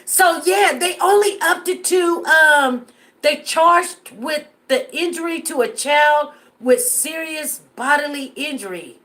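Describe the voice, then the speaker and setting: A woman with a high-pitched voice hosts a casual live stream. She talks earnestly to her viewers and often repeats lines to drive a point home. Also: takes it slowly, fairly bright tone. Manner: earnest, repeats herself for emphasis.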